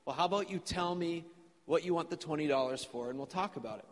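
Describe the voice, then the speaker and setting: A man's voice: fairly high pitch, quick pace, in a large hall, natural voice. A man voicing a busy father apologizing to his son, in an everyday voice. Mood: apologetic. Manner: apologetic, sheepish. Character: father, a busy working dad.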